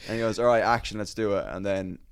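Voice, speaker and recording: Male podcast host, low voice, rambling casual storyteller. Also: steady tone, quick pace, smooth. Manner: rambling storyteller, swears freely, many "uh"s. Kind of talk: casual chat.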